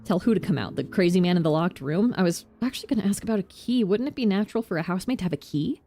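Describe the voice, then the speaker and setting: A woman reading the lines of an inquisitive male doctor in a game, in a measured questioning manner. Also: fairly low pitch, expressive, dark tone, soft background music. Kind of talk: game dialogue read-aloud.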